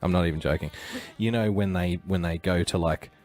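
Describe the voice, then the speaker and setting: A man's voice: sits low, a little fast, darkish tone, soft background music. A man hosting a livestream, rambling through casual commentary with joking asides and chuckles. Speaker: livestream host.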